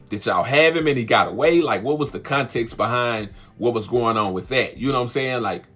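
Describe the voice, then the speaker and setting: A man giving a casual, chatty spoken review of a film, animated and often laughing, with frequent asides to his listeners. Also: medium pitch. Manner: chatty and animated, laughs often, keeps asking "you know what I'm saying". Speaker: movie reviewer, channel host.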